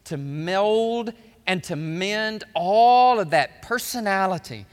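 A man's voice: sits high, expressive, slow. Man, pastor, dynamic sermon delivery, long hall reverb. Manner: dynamic preaching, swelling loud then dropping quiet.

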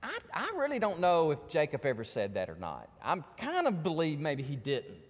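A man's voice: fairly high pitch, huge pitch swings, moderate pace, husky, in a large hall. A man preaching a sermon as pastor, telling stories animatedly and acting out the voices of the people in them.

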